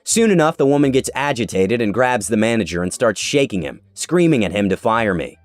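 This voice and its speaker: A man narrating an online story in a scripted, sarcastic and animated way. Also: fairly low pitch, a little fast. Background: faint background music.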